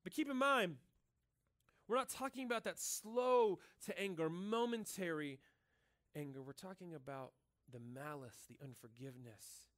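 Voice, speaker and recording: High-pitched male pastor, casual and earnest sermon in a church, conversational with lots of "like". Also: moderate pace, a bit bright. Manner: casual and earnest, filling speech with "like" and "right?".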